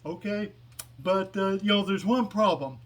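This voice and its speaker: A man plays a patient baseball manager in a told joke, explaining slowly with many ums and restarts. The voice is slightly high and essentially the teller's own. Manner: explaining patiently, rambling with fillers. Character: patient middle-aged male baseball manager.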